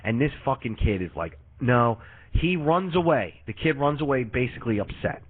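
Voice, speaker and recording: A man's voice: mid-range voice, lively intonation, normal speed, slight background noise. A young man on a podcast, casually retelling a movie plot in an exasperated, profane rant. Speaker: podcast host. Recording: tinny lo-fi livestream audio.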